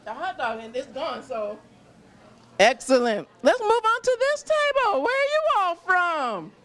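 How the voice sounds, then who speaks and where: A woman's voice: extremely high pitch, big pitch swings, unhurried, a bit bright. A woman hosting a live stream from a restaurant, interviewing diners in a gushing, effusive way and laughing often. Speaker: roving host interviewing diners.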